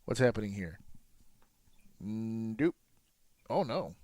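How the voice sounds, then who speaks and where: A man's voice: on the low side, animated, slow pace, warm tone, dry recording. A man co-hosting a podcast, chatting casually, laughing often and swearing. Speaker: podcast co-host. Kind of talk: casual banter.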